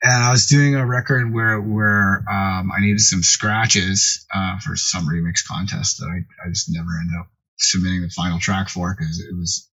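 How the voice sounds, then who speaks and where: Man telling a story, husky voice. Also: sits low, moderate pace, poor audio. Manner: animated, acts out quoted voices loudly. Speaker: podcast guest, music producer. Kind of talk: casual storytelling.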